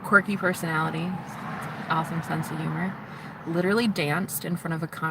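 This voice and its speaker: A woman's voice: fairly low pitch, normal speed, vocal fry. A young woman rambling in a casual, confessional vlog, teary and chatty, sometimes dropping to a whisper. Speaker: vlogger. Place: in a parked car. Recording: noisy with traffic behind.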